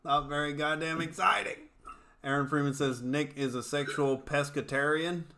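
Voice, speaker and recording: A male comedian hosts a live commentary show, riffing and swearing freely as he reads out viewer comments. His voice is bright and forceful. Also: fairly high pitch, moderate pace. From United States. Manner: brash, profane, joking. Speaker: comedian host. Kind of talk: casual commentary show chat.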